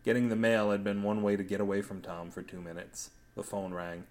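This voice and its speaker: A man's voice: lowish voice, flat delivery, brisk, a little mellow. Playful man reading a comic story. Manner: playful, absurd wordplay. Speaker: podcast host and story reader. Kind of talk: comic podcast narration.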